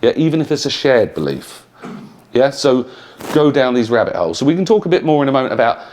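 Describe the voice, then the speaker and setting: A man's voice: medium pitch, sing-song, quick pace, a little mellow, slight background noise. A middle-aged British man, an entrepreneur talking to university students in a plain, conversational way with frequent "yeah?" check-ins. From United Kingdom. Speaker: entrepreneur giving a talk. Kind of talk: lecture to students. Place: university lecture room.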